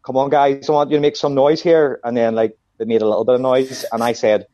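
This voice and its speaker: A man's voice: medium pitch, quick pace, hardly any pauses, lo-fi sound. A man, a stand-up comedian, telling stories in casual chat and acting out what people said. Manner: animated anecdotes with acted-out quotes.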